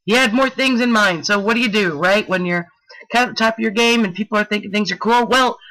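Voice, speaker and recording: A woman presenting a talk with slides, telling a story in a playful, animated way with slangy, jokey asides. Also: medium pitch, fast talker, rough recording.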